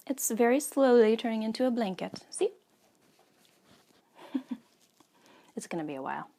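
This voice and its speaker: Woman in her 30s chatting about knitting at home, lots of ums, bit of vocal fry. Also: mid-range voice. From United States. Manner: chatty, many ums, soft asides. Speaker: podcast host. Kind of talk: casual chat.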